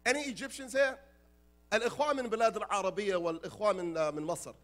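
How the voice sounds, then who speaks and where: An American man giving a lively, joking youth lecture as an imam, acting out voices for the crowd. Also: sits high, a little fast. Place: large conference hall.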